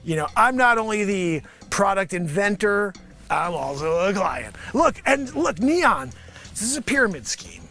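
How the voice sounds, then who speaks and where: A man doing an improvised comedy monologue, rambling and animated, sometimes shouting. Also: high voice, a little slow, faint music behind. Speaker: comedian host. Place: home studio with green screen.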